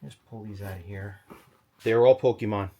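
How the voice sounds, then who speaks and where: Kinda low-voiced guy in a storage locker, out of breath, rambling stop-start, thinking out loud. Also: steady tone, normal speed. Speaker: storage unit reseller. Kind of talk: excited unboxing vlog.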